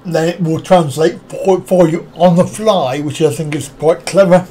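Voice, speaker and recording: Man, live stream host, high voice, rambling casual chat, frequent chuckles, reads out comments. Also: fairly even intonation, normal speed, dark tone. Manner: rambling, reads viewer comments aloud and answers them; chuckles often.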